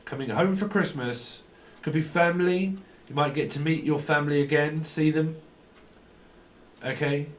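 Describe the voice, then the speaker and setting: A man's voice: a little high, fairly even intonation, moderate pace, slight background noise. A man giving a rambling tarot reading, full of wordplay, snatches of song and silly voices. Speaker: tarot reader.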